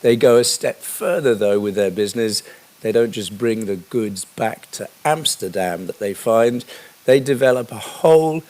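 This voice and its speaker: A man's voice: on the low side, moderate pace, darkish tone. A man giving a history lecture in a conversational way, with frequent fillers and asides.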